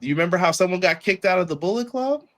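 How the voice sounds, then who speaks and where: A man hosting a podcast, reviewing a wrestling show in a casual chat and acting out the wrestlers in quick put-on voices. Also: high voice, expressive, a bit bright. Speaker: podcast host.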